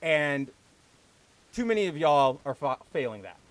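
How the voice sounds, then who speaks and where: A man with a fairly high voice rants on his livestream show. His talk is heated and full of swearing. He mocks the people he complains about with exaggerated quoted voices. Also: sing-song, measured pace, no echo. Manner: heated, profane, with mocking put-on quotes. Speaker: podcast host. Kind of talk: casual ranting livestream talk.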